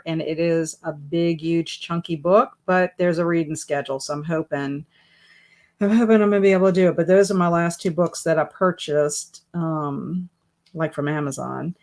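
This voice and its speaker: Chatty woman with a lowish voice. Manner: chatty, reads viewer comments aloud and answers them. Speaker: booktube live stream host. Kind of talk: casual live-stream chat. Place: home office with bookcases.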